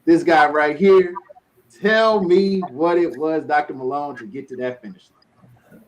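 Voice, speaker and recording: A man's voice: fairly high pitch, measured pace, muffled recording. A man hosting a talk show, hyped and emphatic. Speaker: host.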